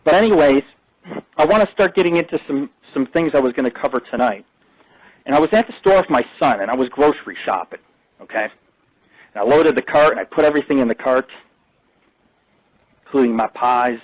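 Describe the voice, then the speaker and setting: A man's voice: medium pitch, animated, a little fast, pauses often, no room sound, low-quality recording. A middle-aged man hosting a live internet radio talk show, ranting and boasting in crude, profane language.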